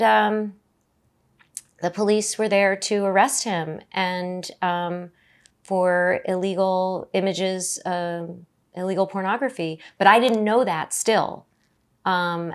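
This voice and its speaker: A middle-aged woman, a podcast guest, tells a personal story haltingly, with many fillers and restarts. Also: medium pitch.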